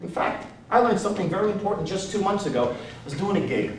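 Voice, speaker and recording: A man performing a one-man stand-up show, telling brash stories that swing between loud punchlines and quiet asides. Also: sits high, animated, quick pace. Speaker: stand-up comedian. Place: stage in a theater. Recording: roomy, distant live stage recording with noise.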